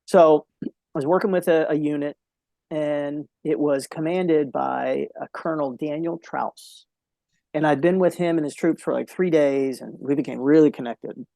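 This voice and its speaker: A man's voice: a little high, creaky, darkish tone, no echo. A man speaking as a podcast guest, telling a heartfelt story in an earnest way and repeating key phrases for emphasis.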